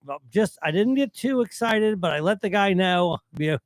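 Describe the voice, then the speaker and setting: A fairly high-voiced man co-hosting a podcast, his pitch swinging widely as he tells a story and laughs along. His voice is close and dry in the studio. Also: expressive, normal speed, dry recording. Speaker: podcast co-host. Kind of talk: casual chat.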